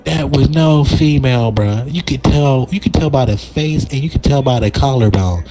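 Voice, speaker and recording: A man's voice: mid-range voice, normal speed, noisy background. A man telling a story from school in a casual chat with a friend, slangy and exaggerated, laughing as he goes.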